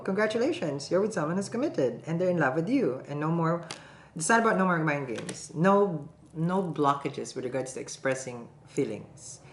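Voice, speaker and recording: Low-voiced chatty woman tarot reader. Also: echoey room, slight background noise. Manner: chatty, laughs often, keeps checking in with "okay?". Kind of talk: casual tarot reading to camera.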